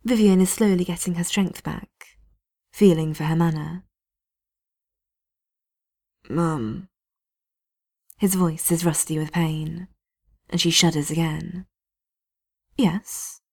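A woman reading a story aloud in a hushed, often half-whispered delivery. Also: fairly low pitch, fairly even intonation, normal speed, gravelly. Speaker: narrator.

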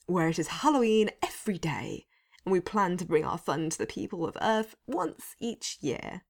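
Cast: eager, lanky skeleton man, hopeful and showy, a woman reading him, low gravelly tone. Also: normal speed, heavily acted. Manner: hopeful, bursts into excited exclamations. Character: cheerful eager male skeleton, tall and lanky.

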